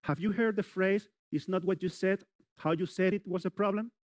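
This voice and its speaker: A middle-aged man lectures on public speaking, animated and direct, scattering "you know" through his sentences. His voice sits a little high and comes through dry and close, with no room echo. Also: moderate pace. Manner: animated, addresses audience directly, many "you know" fillers. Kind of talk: live university lecture. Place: university lecture hall.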